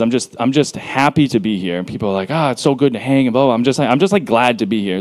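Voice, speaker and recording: A man's voice: lowish voice, a little mellow. A man in his thirties speaking at a church, leading a prayer and then chatting in a loose, self-deprecating way with many fillers. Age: 30s. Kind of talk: prayer then casual sermon intro.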